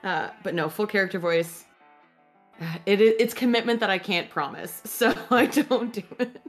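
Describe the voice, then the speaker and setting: A woman chatting as a podcast guest, agreeable and quick to laugh. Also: medium pitch, soft background music. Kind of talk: casual chat.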